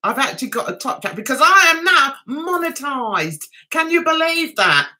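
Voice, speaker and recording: A woman's voice: sits high, big pitch swings, normal speed, pushed and bright. A British woman hosting a casual livestream chat, giggly and flustered as she talks to her viewers. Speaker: livestream host.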